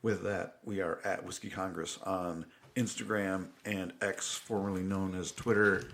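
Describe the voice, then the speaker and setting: A middle-aged man co-hosting a podcast, chatting casually and reflectively, getting animated when he recounts film scenes. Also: sits low, unhurried, gravelly, slight background noise. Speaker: podcast co-host. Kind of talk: casual chat. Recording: roomy echo.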